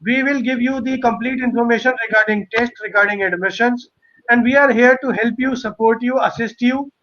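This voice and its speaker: Male webinar host, high voice, piles up phrases in lists, recorded over a muffled call line. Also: a little fast, pushed and bright. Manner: repetitive, listing phrases in a row. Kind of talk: live webinar moderation and promotion.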